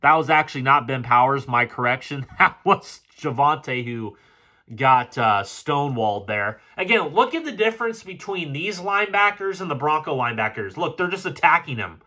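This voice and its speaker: A man talks his way through football film, sarcastic and exasperated, with plenty of swearing. His voice sits a little high and swings widely in pitch. The tone is bright and forceful. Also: animated, moderate pace. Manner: frustrated, sarcastic, swears often. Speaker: football film breakdown host. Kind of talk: casual play-by-play film commentary.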